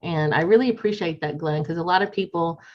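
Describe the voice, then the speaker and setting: Chatty low-voiced woman host, lo-fi. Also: fast talker. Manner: chatty, frequent fillers. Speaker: host of a Medicare agent group. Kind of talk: casual video interview. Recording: dull lo-fi audio.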